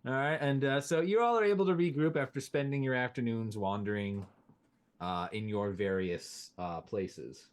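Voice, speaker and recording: A man running a tabletop game as game master, playful and quick to laugh. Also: medium pitch.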